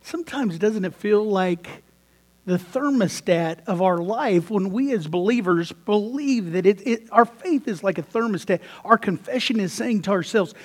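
Animated high-voiced male pastor. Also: normal speed. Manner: animated storytelling with laughs and repeated restarts. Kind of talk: sermon. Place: church.

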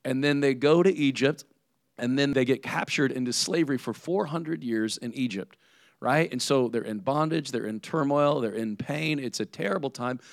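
A man's voice: mid-range voice, moderate pace, dry recording, studio quality. A man preaching a sermon as pastor in a conversational way, often checking in with "right?".

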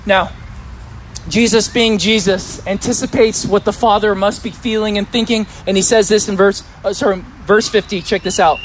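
A male pastor gives a sermon in a relaxed, conversational manner, often turning to the congregation with questions. His voice is very high for a man, and faint background noise sits under it. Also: normal speed.

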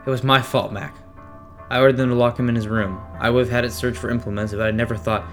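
A man's voice: medium pitch, level tone, quick pace, fairly bright tone, close to an everyday voice. Man voicing a guilt-ridden station crew chief. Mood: guilty. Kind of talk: first-person horror story reading. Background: music.

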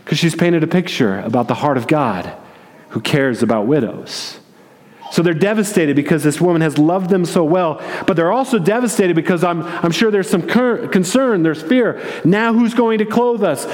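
A man's voice: a little high, normal speed, a little mellow. A man preaching a sermon, retelling a story vividly, repeating words as he goes and acting out the quotes. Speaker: pastor. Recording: long reverb of a large hall.

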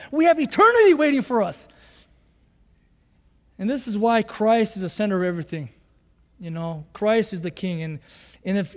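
High-voiced earnest male pastor preaching. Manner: earnest, rising to fervent emphasis and shouts. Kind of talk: sermon. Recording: long hall reverb.

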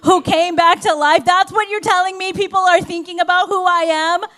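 A woman's voice: very high voice, steady tone, normal speed, bright, forceful tone, pitched above the performer's own voice. A woman preacher voicing an exasperated male teacher, emphatic and incredulous.

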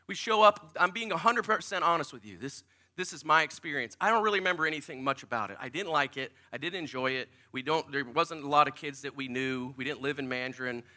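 High bright-voiced male preacher. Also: fast. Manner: emotional storytelling, drops to near-whispers for inner prayers. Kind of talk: sermon testimony. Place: small church in a strip mall.

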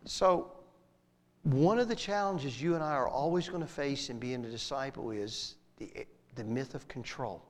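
A male pastor preaching a sermon, swinging from emphatic lines to soft, near-whispered ones. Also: mid-range voice, moderate pace, big-room sound.

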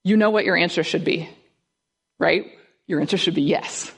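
Woman speaker, sermon, lower-pitched, conversational, quizzes the congregation. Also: moderate pace, gravelly, slightly rough. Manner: conversational, asks the audience questions. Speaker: guest speaker. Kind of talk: sermon teaching.

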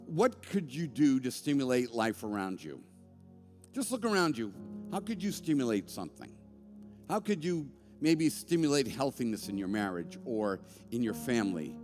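A male pastor preaches in a conversational, animated way, his pitch swinging freely as he jokes and presses his points. His voice carries a long church-hall reverb. Soft music plays faintly behind him. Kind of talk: sermon. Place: church sanctuary.

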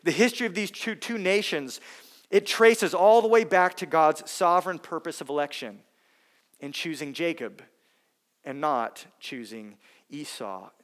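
Emphatic male pastor, fairly high voice. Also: measured pace. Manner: emphatic preaching, dropping soft on key words. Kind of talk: sermon.

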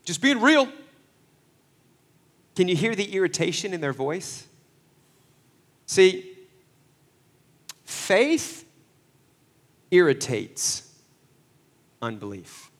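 A man preaching a sermon, swinging between loud, fervent passages and hushed asides, acting out the voices he quotes. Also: high-pitched, very animated, extremely slow, pauses often. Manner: acts out quoted voices with folksy phrasing. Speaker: pastor.

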